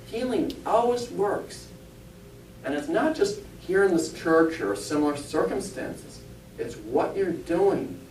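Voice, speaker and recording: A man speaks to a congregation in a church, his fairly high voice rising and falling freely as he jokes and asks the audience questions. He was recorded from a distant mic, so the voice rings in a roomy hall over a faint hiss. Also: a little mellow. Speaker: spiritualist minister and medium. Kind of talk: informal talk to a congregation.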